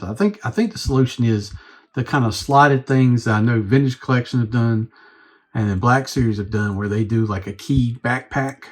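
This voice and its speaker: Husky-voiced man rambling through a toy review. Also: medium pitch. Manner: rambling, thinking aloud while fiddling with a toy. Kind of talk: casual unscripted review.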